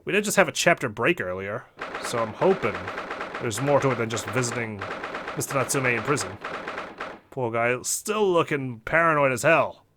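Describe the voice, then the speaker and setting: A man's voice: mid-range voice, lively intonation, normal speed, noisy background. A man casually commenting while he plays a game, chatty and self-deprecating. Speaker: let's play host. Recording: game music behind voice.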